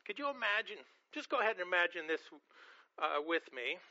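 Bright-voiced man preaching a sermon. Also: sits high, dull audio. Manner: storytelling, repeats words often. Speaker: pastor.

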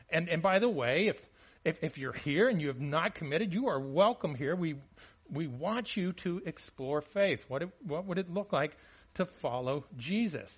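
Pastor, male, fairly high voice, conversational sermon full of restarts and "all right?" check-ins, muffled lo-fi church recording. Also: expressive, moderate pace, slightly rough. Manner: frequent restarts and repeated words, checks in with listeners. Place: church service.

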